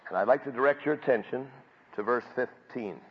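A man preaching a sermon from scripture, building up to loud emphatic peaks and then dropping back low. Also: a little fast, breathy edge. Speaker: pastor. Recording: dull audio with long hall reverb.

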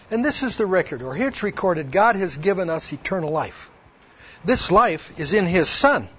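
A man with a slightly high, husky voice gives a personal testimony. He acts out both sides of an old conversation and reads verses aloud. The recording sounds dull and lo-fi. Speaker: speaker giving a personal testimony. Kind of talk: personal testimony told to a women's audience.

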